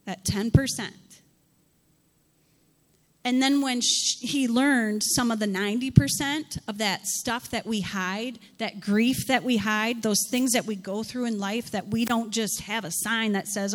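A woman pastor gives a sermon with lively, expressive delivery. She poses rhetorical questions and slips into dramatized scripture dialogue. Her voice carries a long reverb, as in a large hall. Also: a little high, a little slow.

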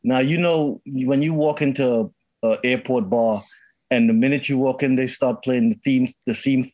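A man's voice: medium pitch, steady tone, normal speed, darkish tone, dry recording. Jokey podcast co-host man. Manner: jokey, repeats himself. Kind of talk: casual chat.

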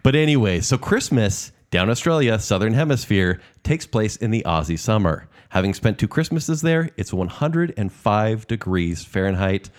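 Host, male, low voice, chatty anecdote teller who speeds up when excited. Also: normal speed, hardly any pauses. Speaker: podcast co-host. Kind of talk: casual chat.

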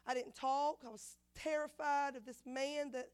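Woman, preacher, high voice, dramatic loud-soft swings, repeats phrases. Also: fairly even intonation, unhurried. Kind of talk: sermon.

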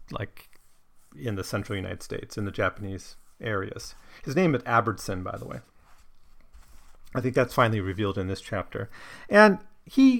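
A man with a fairly low voice walks through a novel chapter by chapter, hosting his own commentary show. His delivery is loose and conversational, full of restarts and fillers as he thinks aloud. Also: gravelly, a bit bright. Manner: loose, conversational, with frequent restarts and "you know". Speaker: podcast host discussing a novel.

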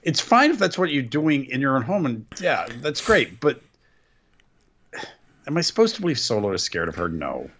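A man's voice: medium pitch, huge pitch swings, moderate pace, a bit bright, breathy edge. A man co-hosting a wrestling podcast, chatting casually with wry, dry jokes and lots of questions. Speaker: podcast co-host.

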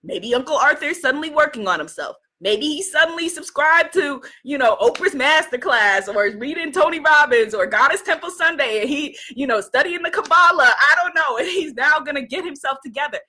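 A woman from New York giving a casual motivational talk to a live audience, animated and laughing often, greeting viewers by name. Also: high-pitched, fairly quick, few pauses. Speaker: livestream host.

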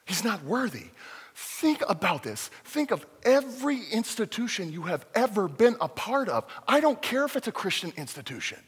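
A man preaching a sermon as a pastor, lively and joking, with acted-out quotes. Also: high voice, normal speed, breathy edge, long reverb tail.

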